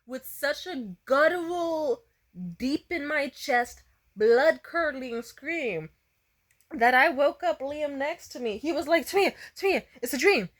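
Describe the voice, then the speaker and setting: A woman's voice: high voice, slow pace. A woman vlogger casually telling a story, swearing freely, laughing often and saying "like" a lot. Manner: profane, laughs often, lots of "like".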